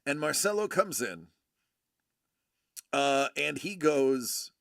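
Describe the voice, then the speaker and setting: A man's voice: a little high, sing-song, takes it slowly, creaky, a bit bright, no room sound, clean studio sound. A male host chatting casually and enthusiastically while showing a wine bottle, rambling with many fillers and restarts. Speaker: host of a collecting channel.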